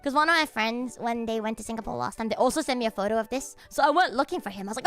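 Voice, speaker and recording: A woman streamer chatting casually on a livestream, excitable and swearing freely, often breaking into laughter. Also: fairly high pitch, racing, faint music behind.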